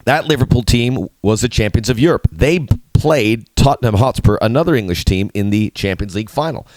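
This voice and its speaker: A middle-aged man hosting a soccer preview show, talking in an animated, playful way with sudden emphatic jumps. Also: medium pitch, brisk, no room sound. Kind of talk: solo video commentary.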